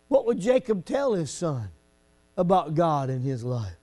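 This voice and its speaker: A pastor who moves between folksy, chatty storytelling and shouted preaching. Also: male voice, on the high side, sing-song, measured pace. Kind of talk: sermon.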